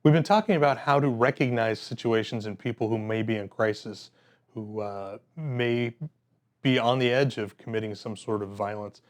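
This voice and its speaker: Male safety instructor, mid-pitched and conversational, loose storytelling lecture. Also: moderate pace. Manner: conversational, with frequent fillers and restarts. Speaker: workplace safety trainer. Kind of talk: classroom lecture with personal stories.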